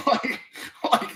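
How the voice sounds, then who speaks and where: A man's voice: bright, forceful tone, reverberant, poor audio. A man co-hosting a casual sports talk show, blunt and profane, leaning on "man" and "you know what I mean.". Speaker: sports podcast co-host.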